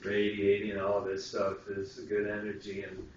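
A man's voice: lowish voice, measured pace. A man co-hosting a casual spiritual talk show, telling an experience at length and acting out the voices he quotes. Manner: animated storyteller, acts out quoted voices. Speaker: co-host. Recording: distant, roomy, dull lo-fi sound with hiss.

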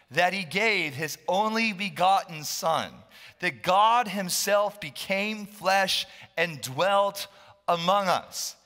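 High, bright-voiced pastor preaching. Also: male voice. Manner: passionate, often yelling, jokes with the congregation. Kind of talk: sermon. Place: church hall. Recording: long reverb of a church hall.

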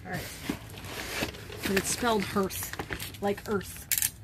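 A woman's voice: medium pitch, lively intonation, a little fast. A woman hosting an unboxing video, chatting casually and thinking aloud as she opens items. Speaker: online reseller, channel host. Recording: noisy home recording.

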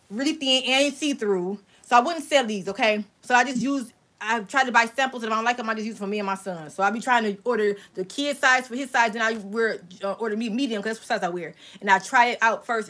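A woman hosting a casual live-stream crafting tutorial, chatty and excitable, talking straight to her viewers. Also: on the high side. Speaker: crafting channel host.

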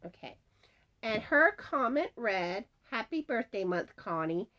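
This crochet channel host announces giveaway winners in casual chat, reading comments aloud and stumbling on names. She speaks a little slowly in a fairly high, bright, forceful voice that's very animated.

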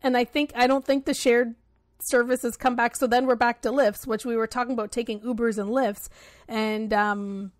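A woman with a fairly high voice co-hosts a podcast in casual chat. She explains things at easygoing length, full of fillers. The sound is dry and close. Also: level tone, moderate pace, no echo. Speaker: podcast co-host.

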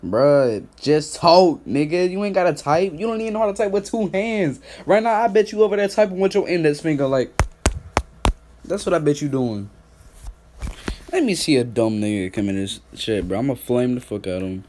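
A young man doing profane, mocking trash-talk commentary on a stream, laughing and calling people out in a put-on higher voice. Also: moderate pace, slight background noise. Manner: mocking, laughing, loud call-outs; put-on higher voice instead of his deep one. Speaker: YouTube commentator.

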